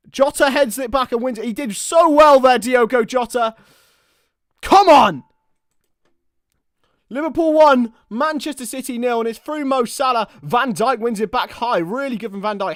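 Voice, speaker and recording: Excitable high-voiced male football commentator. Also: dry recording, studio quality. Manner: excitable partisan, shouts at goals. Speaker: watchalong commentator.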